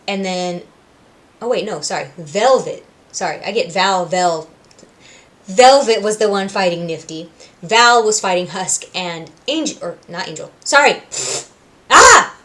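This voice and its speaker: A woman hosting a reaction video, casually recapping a cartoon episode with lively retellings, acting out characters' lines and correcting herself as she goes. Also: mid-range voice, measured pace. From Puerto Rico. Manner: animated, acting out quotes in voices, self-correcting.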